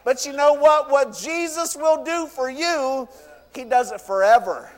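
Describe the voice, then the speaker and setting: In a church, a pastor with a high voice delivers his sermon a little slowly but fervently, returning again and again to "you know what" and "I tell you." His words ring out with the hall's long reverb.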